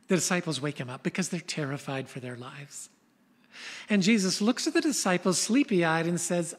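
An older woman pastor preaching a sermon, telling stories in an animated way. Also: on the low side, moderate pace, husky, big-room sound. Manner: storytelling, animated retelling of scenes.

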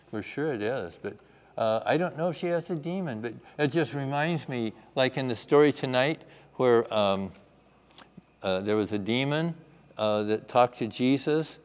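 Man teaching a children's Bible lesson. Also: mid-range voice. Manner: asks the room questions, acts out the story. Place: chapel. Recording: echoey hall.

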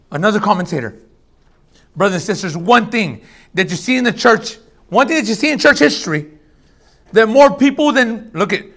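A male pastor delivers a sermon in a casual, animated style, swinging between loud bursts and hushed asides. His voice sits high.

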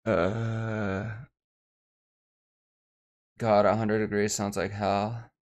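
Slow-talking male VTuber chatting casually. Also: lowish voice, highs cut off. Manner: relaxed, swears casually, talks to chat. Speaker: VTuber streamer. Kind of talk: casual livestream chat while working on an avatar.

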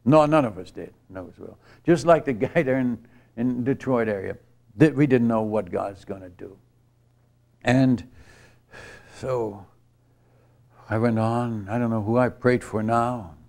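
A man's voice: mid-range voice, a little slow, vocal fry, long pauses, darkish tone. An older man giving a storytelling sermon at a church retreat, earnest and rambling, with many restarts. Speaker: missionary speaker. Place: church retreat camp gathering.

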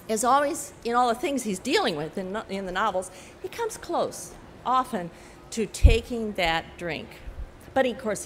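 A woman's voice: medium pitch, a little hiss or hum. Older woman author telling stories in a hall. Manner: animated storytelling, frequent "you know", laughs at her own anecdotes. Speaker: author giving a talk. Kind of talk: festival talk to an audience. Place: large hall at a book festival. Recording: echoey hall with faint ambience.

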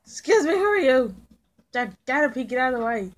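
A woman's voice: high voice, fairly quick. Tails voiced by a woman, a hyper young fox. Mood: pushy. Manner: excitable, bouncy, keeps shouting questions at passers-by. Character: hyper young male fox kid, cheerful and pushy. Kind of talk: in-character game commentary.

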